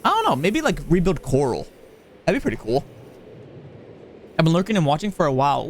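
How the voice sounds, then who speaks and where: A man's voice: fairly high pitch, wildly swooping pitch, a little fast, pauses often, a little hiss or hum. A man streaming a park-building game, casually thinking aloud and chatting with viewers in a playful way. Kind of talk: casual livestream chat while building.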